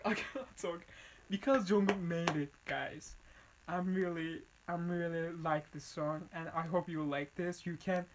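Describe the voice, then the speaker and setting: A reaction video host with an Arabic accent and Arabic as a native language, gushing about a song in halting English full of fillers. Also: medium pitch, poor audio. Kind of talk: excited music reaction vlog.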